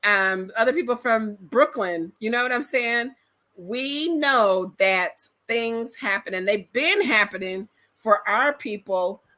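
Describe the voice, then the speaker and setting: A middle-aged woman from Detroit with an African American Detroit accent, chatting casually to camera in an animated, slangy, storytelling way. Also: a little high, takes it slowly. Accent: African American Vernacular English, Detroit. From metropolitan Detroit, USA. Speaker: vlogger. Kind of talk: casual reaction chat to camera.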